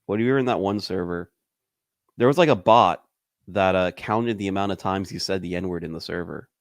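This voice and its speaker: A man with a low voice in a relaxed, rambling chat, full of fillers and quick laughs. The recording is dry and close. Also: no room sound. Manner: loose and rambling, heavy on fillers, laughs often. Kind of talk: casual chat.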